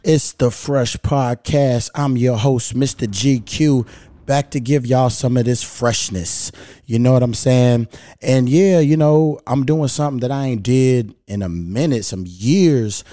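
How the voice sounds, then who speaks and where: A man hosting his podcast alone, telling a story in a laid-back, profane, animated way. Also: medium pitch, a little slow. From Louisville, Kentucky. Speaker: podcast host. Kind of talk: casual solo storytelling. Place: at home.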